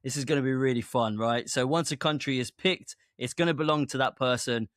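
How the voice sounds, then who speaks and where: A man's voice: medium pitch, a little fast, a bit bright, no room sound, clean studio sound. A man co-hosting a casual podcast, playful and laughing often. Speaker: podcast co-host.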